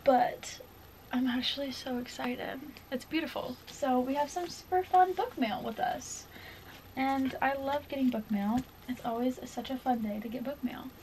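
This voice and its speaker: Gushing high-voiced young woman book vlogger. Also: normal speed, slight background noise. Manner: gushing, excitable, says "like" a lot. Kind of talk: casual reading vlog chat.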